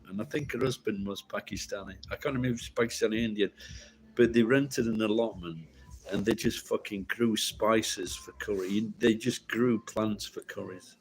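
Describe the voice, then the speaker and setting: A middle-aged man from Yorkshire in northern England, with a fairly low voice and a Yorkshire accent, chats casually in a rambling, sweary, blunt way. The audio is poor, with a little hiss or hum.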